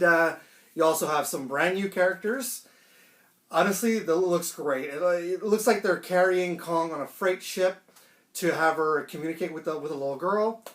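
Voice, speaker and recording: A man chatting excitedly and swearing casually through a home unboxing vlog. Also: high voice. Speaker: toy collector vlogger. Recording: roomy echo, faint background music.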